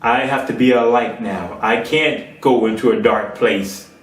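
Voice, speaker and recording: A man's voice: medium pitch, measured pace. A man preaching a sermon, telling a parable and rising to emphatic peaks. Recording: echoey room, far from mic.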